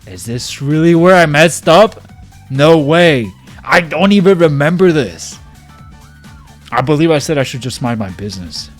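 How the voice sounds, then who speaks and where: A man reacting to a game he is playing, his voice swinging widely between muttered asides and shrill yells. He talks in an excitable, chatty way, with game music faint behind him. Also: measured pace. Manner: excitable, jumps from mumbling to yelling. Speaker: gaming channel host. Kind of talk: reacting to a visual novel playthrough.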